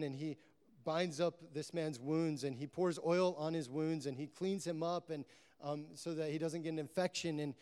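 A man's voice: fairly high pitch, a little mellow, smooth. A man preaching a sermon, telling a parable in long run-on sentences strung together with "and", in a church. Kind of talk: sermon storytelling. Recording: long hall reverb.

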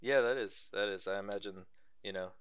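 Low-voiced young man, dry sound. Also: a little fast, fairly bright tone, clear, resonant tone, no room sound. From United States. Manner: joking, blunt, swears. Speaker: podcast co-host. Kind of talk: casual podcast chat.

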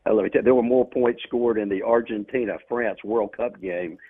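A man calling in as a guest on a radio sports show, giving measured picks with hesitant fillers over the phone. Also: fairly low pitch, a little hiss or hum. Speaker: guest on call-in. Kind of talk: casual radio chat. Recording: tinny phone line.

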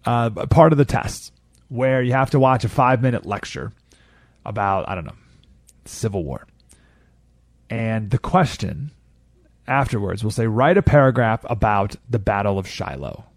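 A man's voice: mid-range voice, darkish tone, dry recording, clean studio sound. A man hosting a talk radio show, delivering an opinionated monologue with sarcastic, incredulous jabs and laughter.

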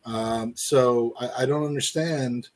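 A male co-host of a casual football podcast, talking in a loose, jokey ramble. His voice sits at an ordinary middle pitch, and he keeps calling out to listeners in the live chat. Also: steady tone, slow.

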